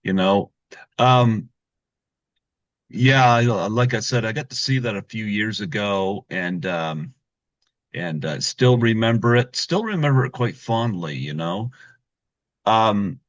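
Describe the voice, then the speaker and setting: A man hosts an interview podcast in a loose, easygoing way, padding his questions with fillers. His voice sits on the low side. The sound is dry and a little muffled. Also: lively intonation, takes it slowly, long pauses, no echo. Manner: easygoing, many fillers like "you know" and "um". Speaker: podcast host. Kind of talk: casual interview chat.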